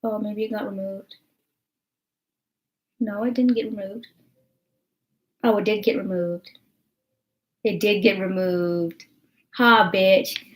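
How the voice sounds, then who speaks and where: A woman's voice: medium pitch, steady tone, takes it slowly, long pauses. Young american girl venting on her vlog, tons of "like", cusses a lot. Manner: rambling, heavy swearing, filler-laden. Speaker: vlogger. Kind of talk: casual chat.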